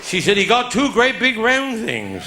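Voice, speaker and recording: A man's voice: high voice, wildly swooping pitch, a little slow, very noisy. A man with a broad Cornish accent telling a long comic story on stage, in dialect grammar, laughing along with his own punchlines. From Cornwall. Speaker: stand-up comedian. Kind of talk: live stand-up storytelling. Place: live show venue with an audience.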